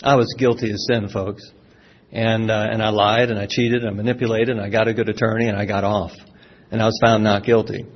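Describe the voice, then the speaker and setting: A man's voice: lowish voice, level tone, brisk. A middle-aged man from Florida with a Southern accent, giving a personal testimony talk to a live audience in a folksy, self-deprecating way. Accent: Southern American. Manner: folksy storytelling with self-deprecating humor, frequent restarts. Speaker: speaker sharing a recovery testimony. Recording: dull lo-fi sound.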